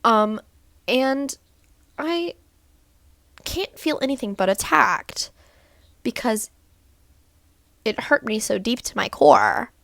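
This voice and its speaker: Woman vlogger, casual rambling talk, fairly high voice, dry close sound. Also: lively intonation, takes it slowly, gravelly, pauses often, fairly bright tone, no echo. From Texas. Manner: rambling, lots of "like" and "um". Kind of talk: casual recap monologue.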